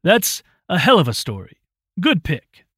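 A man voicing a brisk, commanding older mentor in a storybook reading. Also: fairly high pitch, wildly swooping pitch, a bit bright, slightly rough, no echo, studio quality, pitched above the performer's own voice, heavily acted.

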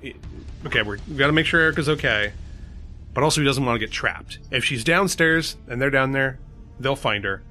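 Man, tabletop player, thinks aloud, fillers, bright tone, faint music behind. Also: mid-range voice, a little fast. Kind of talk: casual tabletop play.

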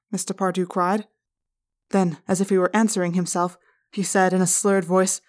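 A woman narrating a fan read-aloud chapter in an expressive style, recorded in a hotel room. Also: medium pitch, a little fast.

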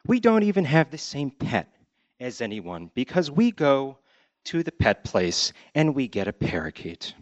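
A man's voice: mid-range voice, a little slow, no echo, highs cut off. A man from Connecticut telling a childhood story on stage with wry delivery, acting out family voices. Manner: wry, deadpan delivery with acted-out quotes. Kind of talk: live personal storytelling.

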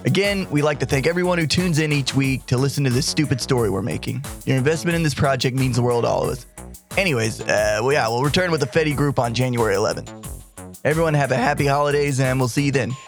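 A man hosting a tabletop podcast, giving offhand, relaxed announcements. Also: medium pitch, fast talker, soft background music. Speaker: podcast host and player.

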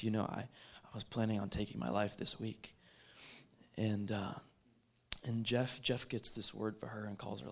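Earnest man, low-pitched, halting testimony with fillers and restarts. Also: vocal fry. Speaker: street evangelist. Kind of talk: personal testimony.

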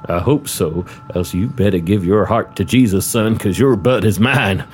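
A man voicing a gruff, folksy male space commander with a put-on Southern US drawl, blustering and threatening. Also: fairly low pitch, moderate pace, slight background noise, pitched below the performer's own voice, lightly acted.

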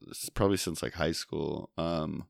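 A young man with a very deep voice chats on a movie podcast. He is relaxed and swears freely, often trailing off mid-thought. The recording is dry and close. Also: moderate pace, vocal fry, no room sound. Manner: relaxed, profane, trailing off with fillers. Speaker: podcast co-host. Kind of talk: casual movie podcast chat.

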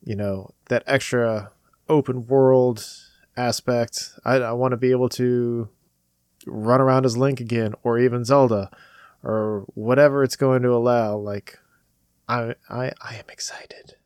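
A man's voice: mid-range voice, fairly even intonation, a little slow, darkish tone, clear, resonant tone, dry recording, clean studio sound. A man co-hosting a casual chat, an eager fan and chatty storyteller. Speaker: podcast co-host. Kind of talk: casual chat about video games.

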